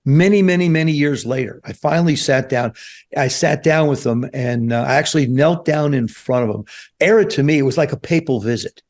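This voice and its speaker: A man in his seventies from New Jersey, a guest telling stories in an animated way on a podcast. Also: on the high side, brisk. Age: 70s. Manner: animated storyteller, acts out quoted voices. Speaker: guest, former quarterback. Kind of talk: storytelling interview. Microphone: podcast studio mic.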